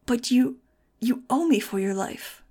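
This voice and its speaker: A woman's voice: on the high side, lively intonation, a little slow, warm tone, breathy edge, pitched above the performer's own voice, heavily acted. A woman voicing an arrogant male scientist who commands and protests indignantly.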